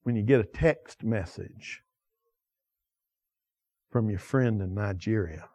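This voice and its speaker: A man preaching a sermon with passion, asking the listeners many direct questions and swinging from loud emphasis to quiet asides. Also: fairly low pitch, takes it slowly, dry recording. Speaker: pastor.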